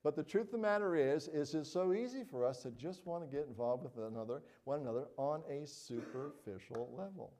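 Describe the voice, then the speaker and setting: A man's voice: on the high side, fairly quick, hardly any pauses, warm tone. A middle-aged man preaching a sermon as pastor, earnest and conversational, often checking in with "all right?" and "you know".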